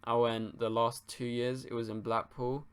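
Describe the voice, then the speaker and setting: A man's voice: medium pitch, little pitch movement, normal speed, clean tone. A young man from England, hosting a livestream and answering viewers' questions in a laid-back, rambling way, swearing casually. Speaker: livestream host.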